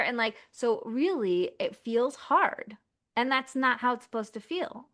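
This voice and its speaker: Woman guest on a chat podcast, lively, slightly high and very bright voice. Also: measured pace. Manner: lively, acts out inner voices. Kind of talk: casual podcast conversation.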